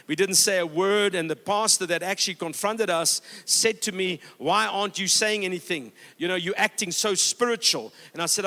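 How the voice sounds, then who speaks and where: A man's voice: high voice, sharp tone. A man pastor preaching a sermon in a church, exhorting the congregation and telling stories with quoted dialogue. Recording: long hall reverb.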